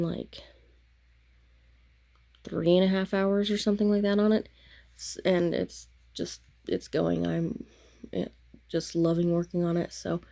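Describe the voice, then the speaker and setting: A woman's voice: lowish voice, vocal fry, mellow. A tired woman chatting casually to the camera late at night about her stitching, rambling and losing her words. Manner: rambling, self-interrupting, chatty. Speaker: craft vlogger.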